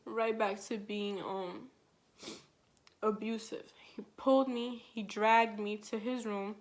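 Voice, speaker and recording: A woman's voice: medium pitch, little pitch movement, slow. A woman vlogger telling a storytime vlog in casual, slangy speech full of fillers, retelling it with emotion.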